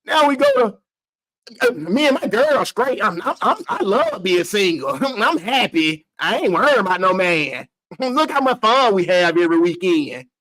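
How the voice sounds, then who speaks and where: A man's voice: sits high, sing-song, measured pace, fairly bright tone, full character voice. A man mocking a sassy single woman in her forties who boasts about partying and laughs as she talks. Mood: sassy boastful.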